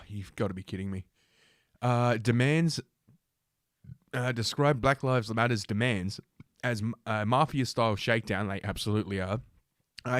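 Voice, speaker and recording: A man's voice: medium pitch, no room sound, studio quality. A young man hosting a livestream, reading news aloud and ranting about it in a sarcastic, profane, combative way. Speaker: livestream host.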